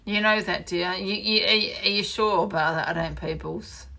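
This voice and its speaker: A woman's voice: medium pitch, fairly even intonation, normal speed, gravelly, pushed and bright. A woman ranting angrily on a live stream, swearing and repeating accusations. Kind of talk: heated live-stream rant.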